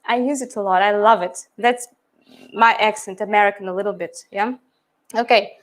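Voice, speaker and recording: A woman's voice: mid-range voice, fairly even intonation, normal speed. A middle-aged woman, an English teacher, explaining how she teaches pronunciation and often checking in with "yeah?" and "right?".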